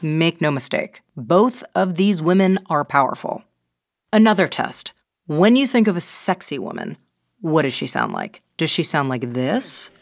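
A woman hosts a video essay with scripted narration. Her voice sits low, and the sound is dry and close. She delivers it in a playful, wry and theatrical way. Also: very animated, normal speed, creaky, no room sound.

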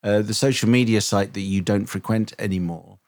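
A man's voice: on the low side, brisk, darkish tone, no room sound, clean studio sound. A man co-hosting a casual chat show, telling rambling self-deprecating anecdotes in a tired, failing voice. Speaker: podcast co-host, radio presenter.

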